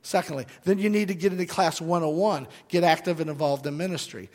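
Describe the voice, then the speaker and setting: A male pastor preaching a sermon, animated, swinging from loud bursts to hushed asides. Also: a little high, quick pace. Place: church sanctuary. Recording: long hall reverb.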